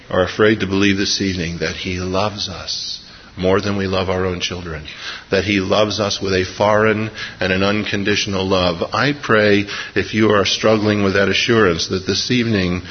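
A man preaching a sermon to a congregation, retelling a story earnestly and slowing down to stress key points. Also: low-pitched, steady tone, slight background noise. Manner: earnest, storytelling, measured slowdowns for emphasis. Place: church service before a congregation. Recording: long hall reverb, dull lo-fi sound.

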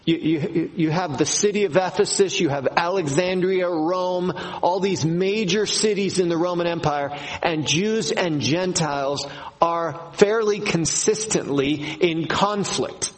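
A man preaching a sermon to his congregation, slow and emphatic, repeating key phrases. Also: high-pitched, poor audio. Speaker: pastor.

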